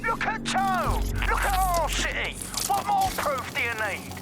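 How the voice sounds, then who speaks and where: A man's voice: very high-pitched, animated, normal speed, loud music behind the voice. An actor playing an angry male caller on a radio talk show, demanding harsh punishment. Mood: indignant. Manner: belligerent, shouting demands. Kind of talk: radio call-in, game dialogue.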